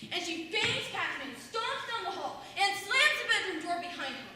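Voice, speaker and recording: On a school stage in a large hall, a young student actor plays a bitter, wry middle-aged mother, mimicking others and telling a sardonically funny story in monologue. She speaks at normal speed in a very high, sing-song voice that is bright, pushed and fully in character. The distant room mic gives an echoey, far-off sound with faint background noise.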